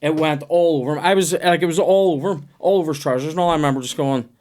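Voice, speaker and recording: A young man, hosting a comedy podcast and telling a story in a profane, animated way. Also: on the high side, rapid-fire. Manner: profane, animated, puts on voices in quoted dialogue.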